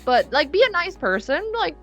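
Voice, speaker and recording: A young woman from South Korea, chatting casually in an interview, relaxed and rambling with many fillers and restarts. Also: sits high, moderate pace, soft background music. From Seoul, South Korea. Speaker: musician guest. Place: her bedroom studio.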